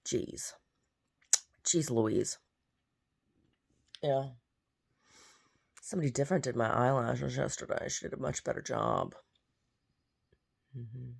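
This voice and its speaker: A woman's voice: very deep voice, slow pace, gravelly, long pauses, a little mellow, slightly rough. A woman vlogger chatting casually and meandering, repeating words and muttering asides to herself. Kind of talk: casual rambling chat.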